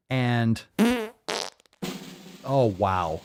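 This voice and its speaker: An American man hosting a casual commentary show, reading news stories and riffing on them with profane, animated remarks. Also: mid-range voice, moderate pace, faint music behind. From United States. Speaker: host.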